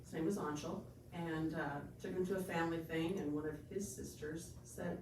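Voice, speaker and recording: A woman doing a stand-up comedy set, telling an animated story and acting out the other people's lines. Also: low-pitched, moderate pace, few pauses. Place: comedy venue stage. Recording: echoey room from far off, noisy.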